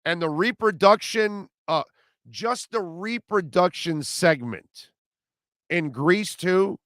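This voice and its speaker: A man's voice: high voice, fairly bright tone, smooth, no room sound, studio quality. A man hosting a sports radio show, rambling and joking loosely about old movies. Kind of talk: casual sports talk.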